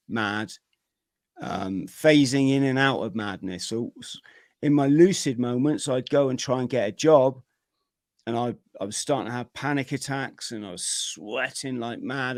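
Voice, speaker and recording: A middle-aged man, a podcast guest, telling his own story in a vivid, energetic way with plenty of slang. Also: mid-range voice, no room sound, clean studio sound. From Britain. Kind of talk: personal storytelling in an interview.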